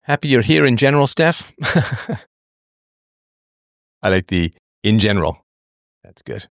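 A man's voice: medium pitch, expressive, normal speed, pauses often, dry recording. Emphatic lecturing man, dry close sound. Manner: emphatic, lecturing, mock-quoting others in a raised voice. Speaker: show host answering listeners. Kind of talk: emphatic monologue to a listener.

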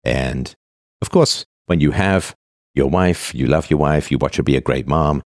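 A man's voice: rumbling low, a little slow, dry recording, studio quality. A man in his fifties casually reading posts aloud and commenting on them, with frequent "uh" and restarts. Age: 50s. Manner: reads a line then comments, with frequent "uh" and restarts.

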